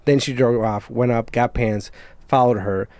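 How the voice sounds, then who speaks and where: A man hosting a podcast, rambling through a story and swearing casually. His voice sits at a middle pitch. The sound is dry and close. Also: steady tone, moderate pace, darkish tone, dry recording. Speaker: podcast host. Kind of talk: casual chat.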